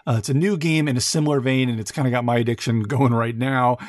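A man's voice: mid-range voice, steady tone, quick pace, dry recording. A man hosting a podcast, giving a casual, enthusiastic roundup of game news with many fillers. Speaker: podcast host covering board games.

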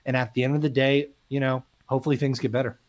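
A man's voice: medium pitch, flat delivery, fast. Earnest man co-hosting a sports podcast. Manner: earnest, conversational, many fillers. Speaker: podcast co-host. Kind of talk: casual sports podcast chat.

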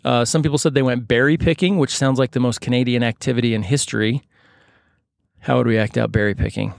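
A man with a gravelly, creaky voice tells a story casually, cracking jokes as he goes. He rambles and corrects himself often, and the room around him sounds dry and close. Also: mid-range voice, fairly even intonation, fast talker, dry recording. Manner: rambling, joking, many fillers and self-corrections.

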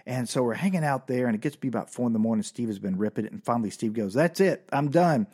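A man hosting a comedy podcast, telling a story in an animated, excitable way. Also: mid-range voice, very fast, slightly rough. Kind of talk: storytelling monologue.

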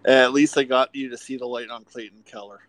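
A young man co-hosting a casual podcast, speaking in a measured way. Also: medium pitch, little pitch movement, fairly bright tone, low-quality recording. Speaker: podcast co-host.

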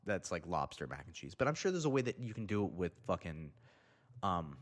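A low-voiced man rants with heavy sarcasm and frequent swearing. His words ring out with a long reverb behind them. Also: sing-song, a little fast. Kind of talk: profane comedic rant.

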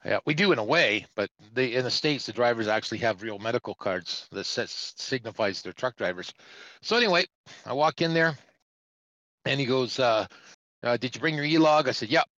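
A man's voice: mid-range voice, animated, normal speed, pushed and bright, no echo, muffled recording. A middle-aged man, a truck driver, telling a rambling story in a casual way and acting out the other people's voices. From Canada.

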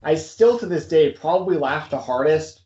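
A man's voice: fairly high pitch, expressive, moderate pace, warm tone. A man from the United States hosting a podcast interview, laid-back and chatty, often calling the guest dude and man. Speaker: podcast host. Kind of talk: casual interview chat. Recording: roomy, dull lo-fi audio.

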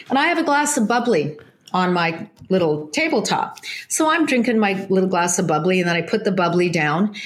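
A woman, a psychic medium, telling an anecdote in an interview, lively, with many restarts and self-corrections. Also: medium pitch. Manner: animated storytelling with many restarts.

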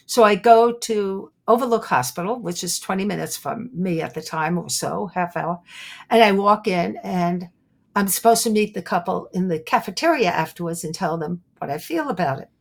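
An older woman from Brooklyn with a New York accent, a guest telling her stories with animated flair and frequent laughter. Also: on the low side, moderate pace, gravelly. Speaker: guest, psychic detective. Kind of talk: animated storytelling in conversation.

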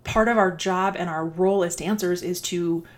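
A woman's voice: fairly low pitch, fairly even intonation, moderate pace. A woman dance coach giving earnest, conversational advice to other coaches. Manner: earnest, conversational, restarts and fillers. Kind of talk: instructional talk to coaches.

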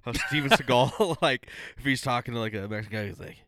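A man's voice: mid-range voice, animated, fast talker, gravelly, fairly bright tone, dry recording. A young man co-hosting a casual podcast, laid-back and joking, laughing often. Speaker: podcast co-host. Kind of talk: casual chat.

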